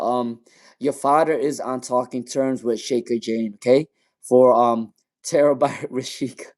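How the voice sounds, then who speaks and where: Casual male tarot reader on a live stream. Mid pitch, loose and repetitive, reads names straight off the chat. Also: dark tone. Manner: casual, repeats names and questions, laughs often while reading chat.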